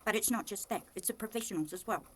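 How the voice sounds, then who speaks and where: A woman with a New Zealand accent delivers a heated, accusatory monologue straight to camera. Her voice sits in an ordinary middle range and lurches between quiet, muttered stretches and sudden loud bursts. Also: fast talker, slight background noise. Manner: agitated, accusatory, swings between low muttering and loud outbursts. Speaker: vlogger.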